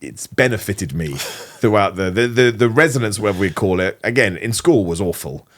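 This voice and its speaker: An English man whose accent has picked up some American and Australian, chatting in a studio interview. His pitch swings widely as he talks, and his voice carries with an animated, laughing energy. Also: normal speed, slight background noise. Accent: English, mixed with some American and Australian. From England. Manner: laughs often, animated and enthusiastic; voice carries, speaks from the diaphragm. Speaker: guest, wrestler and YouTuber. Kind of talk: casual interview chat.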